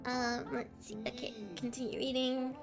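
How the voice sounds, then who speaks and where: Giggly high-voiced woman streamer. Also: completely flat delivery, moderate pace. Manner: giggly, stumbles over words. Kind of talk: reading a fairytale aloud on a live stream. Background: faint background music.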